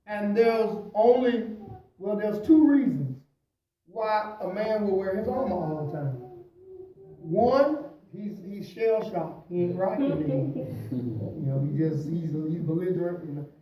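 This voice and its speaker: Pastor guy preaching, high voice but mellow, loud bits then quiet asides, lots of praise the lord, echoey church, mic far off. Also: animated, a little slow. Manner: punctuates with "praise the Lord" and "hallelujah". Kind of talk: preaching at a bible study.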